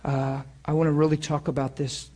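Speaking to students in a room and over a live stream, this pastor's informal sermon is built on earnest, conversational personal stories and ends with a prayer. His voice is fairly high and somewhat dark in tone, with little rise and fall, and he talks a bit fast.

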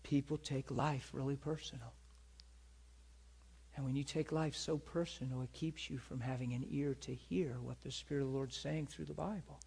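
Man preaching, husky voice, earnest storytelling, checks in with listeners. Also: medium pitch, fairly even intonation, moderate pace, a little mellow. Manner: earnest, asks listeners if they follow. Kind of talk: storytelling sermon.

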